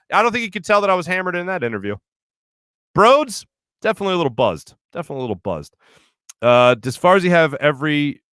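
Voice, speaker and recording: This studio sports radio host, a man in his thirties, has a high, pushed and bright voice captured in a dry, clean recording. He reads viewer comments casually, laughs a lot and tells rambling stories.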